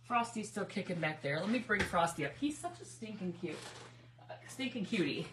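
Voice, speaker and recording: A woman's voice: medium pitch, animated, fairly quick, slight background noise. A middle-aged woman from Michigan hosting a craft livestream, chatty, laughing often and greeting viewers by name. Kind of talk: casual livestream crafting chat.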